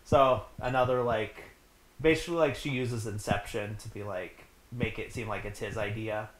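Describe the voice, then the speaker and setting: A young man hosts a casual podcast and recaps a film. His voice sits a little low, and he talks in a loose, joking way full of fillers. The room is echoey and has noise behind him. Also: steady tone, normal speed. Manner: chatty, filler-heavy, joking. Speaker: podcast host.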